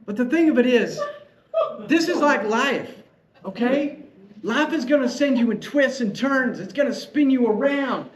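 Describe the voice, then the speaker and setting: A man giving a prepared storytelling speech at a club meeting, animated and playful as he tells a tale. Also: very high voice, measured pace. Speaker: club speaker. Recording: echoey room, faint ambience.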